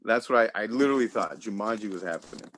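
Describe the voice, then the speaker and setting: A man's voice: fairly low pitch, lively intonation, fast, a bit bright, a little hiss or hum. A man from Los Angeles doing a loose, rambling stand-up set over a video call, often laughing at his own jokes. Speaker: stand-up comedian. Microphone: home computer mic on a video call.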